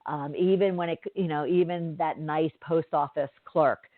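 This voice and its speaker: In a deep, steady voice at normal speed, a woman podcast host spins a casual story monologue, meandering and chatty with lots of fillers and asides. The recording is dry and tinny, resembling a phone call.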